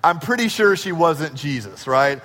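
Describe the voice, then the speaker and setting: High-voiced man preaching in a reverberant hall. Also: slight background noise. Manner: storytelling, acts out dialogue with shifts in pace and loudness. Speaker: pastor. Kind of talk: sermon.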